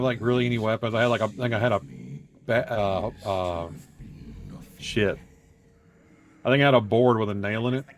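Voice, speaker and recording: A man telling stories in a loose, rambling way, swearing freely and leaning on fillers. His voice sits at an ordinary pitch. He jumps between acted-out bits and plain narration. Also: slight background noise. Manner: profane, rambling storyteller who acts out quotes. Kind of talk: casual chat.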